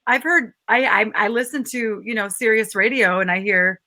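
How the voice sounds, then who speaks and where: A woman's voice: on the high side, bright, forceful tone. A woman with a Minnesota accent hosting a casual live chat, joking and playful. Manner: playful, joking, quick to laugh. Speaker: live show host.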